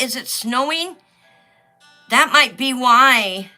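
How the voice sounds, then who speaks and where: This middle-aged host takes it slowly, her voice on the high side with a sharp tone and lively intonation. She colors during a casual livestream and reads viewers' comments aloud, with soft music in the background.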